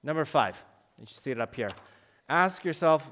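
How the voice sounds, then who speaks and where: A man's voice: on the high side, expressive, moderate pace, a bit bright, big-room sound. A middle-aged man, head of a school, giving a conversational chapel message to students and often asking them questions. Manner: conversational, asks the audience questions.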